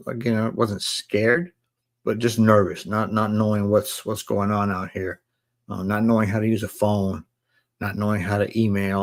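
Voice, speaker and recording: A man in his forties casually telling listeners his life story on a live stream, in relaxed slang. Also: fairly low pitch, gravelly. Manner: relaxed street slang, addresses listeners as bro. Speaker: live stream host sharing his testimony.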